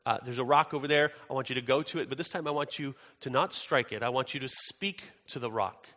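A man voicing God as a calm, patient male figure who gives instructions in a casual, matter-of-fact way, as part of a sermon retelling. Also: mid-range voice, quick pace, long reverb tail, lightly acted. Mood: reassuring.

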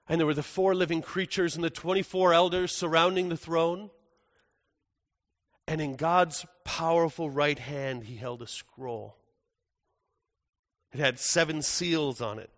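A man playing the apostle John as an older man in a first-person dramatic monologue, earnest, moving between hushed and urgent. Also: on the high side. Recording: echoey hall with long reverb.

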